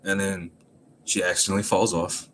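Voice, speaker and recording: A man giving a casual, animated recap of a comic chapter, laughing often as he retells it. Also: low voice, fairly quick, slight background noise. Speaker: manga chapter reviewer.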